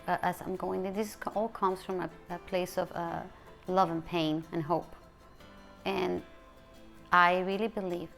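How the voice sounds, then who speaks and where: A middle-aged woman speaking as a bereaved mother in an emotional personal interview, halting and soft, with hushed quoted speech. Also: lowish voice.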